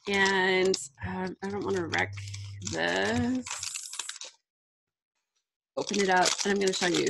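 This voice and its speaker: A gushing, chatty woman in her thirties hosts a live crafting stream. Her voice is medium-pitched with a noticeable gravelly fry, and she talks in a bubbly, easygoing way, sprinkling in plenty of "like.". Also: background noise. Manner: bubbly, gushing, lots of "like" fillers. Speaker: scrapbooking livestream host. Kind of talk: casual live crafting chat.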